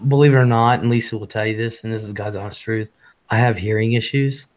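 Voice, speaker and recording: A man hosting a casual live stream. He talks fast, swears freely and reads chat messages aloud. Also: fairly low pitch, fairly even intonation.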